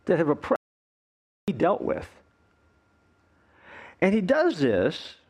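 A male pastor preaching a playful, animated sermon, acting out the voices of complaining people. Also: sits high, gravelly, slightly rough.

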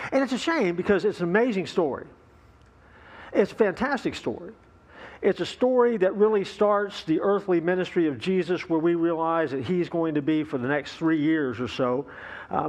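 A man preaching a sermon as pastor, telling a story in a folksy, relaxed way with fillers and asides to the congregation. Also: a little high.

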